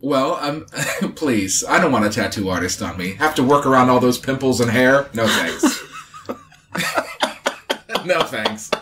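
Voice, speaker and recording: Comedian dude on a podcast, joking around, voice jumps all over. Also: male voice, big pitch swings, slow pace, pauses often, fairly bright tone, a little hiss or hum. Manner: playful, dry jokes, swings up and down in pitch. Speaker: comedian guest. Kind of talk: casual chat. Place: cruise ship cabin.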